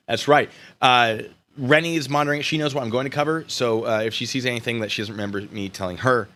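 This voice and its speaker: At a quick pace and medium pitch, an American man chats and jokes with viewers on a relaxed live stream. His animated style bounces between loud bursts and mumbled comments.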